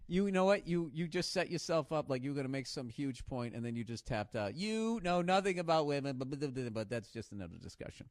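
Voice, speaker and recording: A man's voice: medium pitch, expressive, a little fast, few pauses, no room sound, studio quality. A man hosting a podcast from home, telling stories in a profane, ranting, joking way. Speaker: podcast host. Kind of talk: casual podcast chat.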